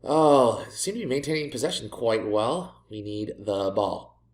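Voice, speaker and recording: A gaming video creator provides let's-play commentary on a football management game, sarcastic and exasperated, often ranting at his own team in self-mocking outbursts. His voice is fairly low with lively intonation and a slightly slow delivery.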